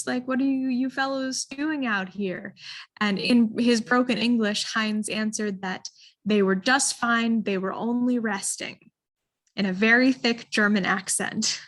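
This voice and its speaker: A woman telling a history story to an audience, animated and full of ums, putting listeners in the story with choices. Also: fairly high pitch. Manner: animated, addresses listeners with choices, frequent um fillers. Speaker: history presenter. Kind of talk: interactive storytelling talk.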